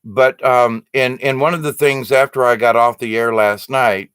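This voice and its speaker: A man talks in a loose, earnest ramble, stopping and restarting his sentences with plenty of ums and uhs. His voice sits at an ordinary middle pitch. The sound is close and dry, with no room around it. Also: steady tone, normal speed, a bit bright, clear, resonant tone, dry recording. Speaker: livestream host reading viewer comments. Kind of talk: casual spiritual chat.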